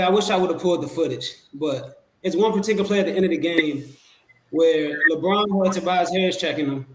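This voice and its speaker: A man as a podcast guest, talking basketball in a relaxed, rambling way with many fillers and restarts. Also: a little high. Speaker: podcast guest, Sixers fan. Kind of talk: casual sports talk. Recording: echoey room.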